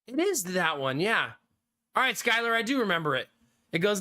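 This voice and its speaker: A man's voice: sits high, very animated, moderate pace, sharp tone. A man in his thirties streaming a game and chatting casually with viewers, laughing often and swearing freely. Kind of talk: casual chat reading live chat.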